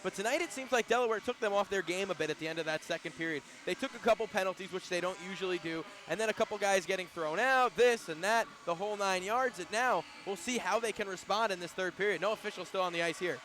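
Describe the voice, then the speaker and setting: A man doing color commentary on a hockey game from an arena booth, excitable and quick to laugh in his banter. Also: high voice.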